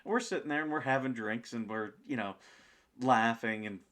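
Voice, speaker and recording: Man telling a lively story. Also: medium pitch, normal speed. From United States. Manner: animated, acts out the people in his story, many fillers. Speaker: podcast guest. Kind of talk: casual storytelling.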